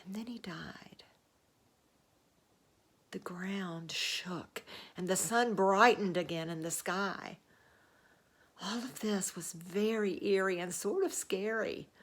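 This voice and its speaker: A woman voicing a Roman centurion in a first-person dramatic monologue, telling it in an earnest, measured way. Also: medium pitch. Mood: solemn. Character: Roman centurion, a grown man, sober commanding officer.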